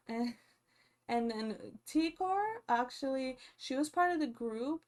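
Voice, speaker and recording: A young woman giving casual, animated commentary as a reality show vlogger, chatty and full of fillers. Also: high voice, slow pace.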